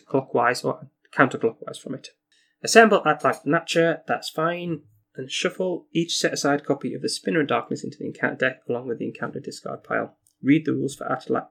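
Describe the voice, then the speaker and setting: A man's voice: mid-range voice, creaky, a bit bright, husky. A man playing a card game solo, reading story text aloud and talking through his moves. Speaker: solo board game player. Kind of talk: casual playthrough with read-aloud story text.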